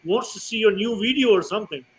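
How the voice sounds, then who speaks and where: A man's voice: sits high, fast talker, slightly rough, rough recording. A male host on a video call, chatting casually and filling his talk with "you know" and "like". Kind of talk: casual livestream chat.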